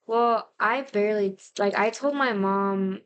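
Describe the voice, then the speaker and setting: A woman's voice: medium pitch, unhurried, lo-fi sound, a little hiss or hum. A woman in her twenties, a podcast guest in casual chat. She swears freely, uses lots of filler words and acts out the people she quotes.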